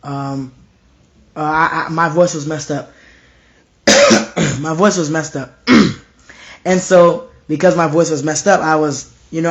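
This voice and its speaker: In a room at home, a young man with a slightly hoarse, somewhat high voice preaches informally. His delivery is intense and repetitive, and he drops to a hush whenever he quotes himself or God.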